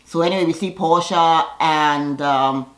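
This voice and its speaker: A woman's voice: low-pitched, unhurried. Sassy woman recapping reality TV. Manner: sassy, acts out the cast's lines in voices. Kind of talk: casual recap commentary. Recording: roomy echoey room.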